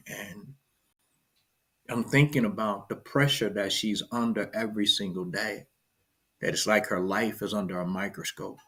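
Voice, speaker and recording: Speaking in a fairly low, slightly rough voice, a middle-aged male pastor hosts a casual morning sermon online, greeting viewers by name and swinging from loud shout-outs to hushed storytelling.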